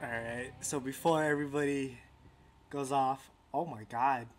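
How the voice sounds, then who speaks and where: A man commentating a fighting game tournament stream in a laid-back, unhurried way. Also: mid-range voice, fairly even intonation, a little hiss or hum.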